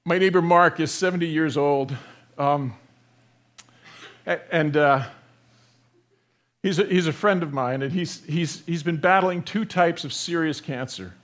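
Male pastor, fairly high voice, dynamic sermon delivery that swings from loud emphasis to hushed asides. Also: measured pace, long pauses.

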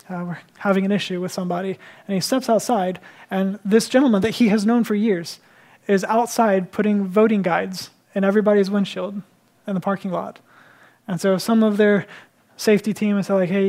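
A man's voice: sits high, darkish tone. A male pastor preaching an earnest sermon, emphatic and repeating his key phrases.

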